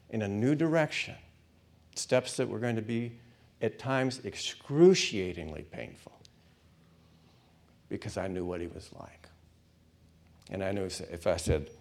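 A man preaching, telling a personal story, swinging between loud bursts and hushed asides. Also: mid-range voice. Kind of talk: sermon storytelling.

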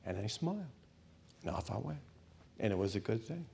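A man preaching, telling a personal story, swinging between loud bursts and hushed asides. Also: fairly low pitch, very animated, brisk, vocal fry, slight background noise. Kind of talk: sermon storytelling.

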